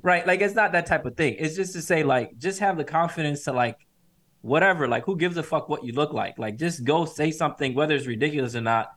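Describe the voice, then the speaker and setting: A man's voice: on the high side, brisk, a bit bright. A man co-hosting a podcast, telling a story in a casual chat, acting out the people he quotes and often repeating himself. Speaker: podcast co-host.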